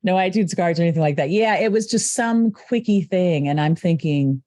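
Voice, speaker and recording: A woman guest recounting a story in a mellow, warm voice, animated and slipping into other people's voices as she goes. The sound is close and dry. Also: lowish voice, normal speed, no echo. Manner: animated, acts out voices in her stories. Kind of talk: casual storytelling conversation.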